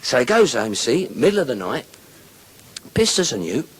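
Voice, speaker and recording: A man's voice: medium pitch, big pitch swings, moderate pace, slightly rough, low-quality recording. A man telling crude jokes on stage in a bawdy, conversational manner, recorded live. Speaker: comedian. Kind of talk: stand-up joke telling. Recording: live show with laughing crowd. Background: audience laughter.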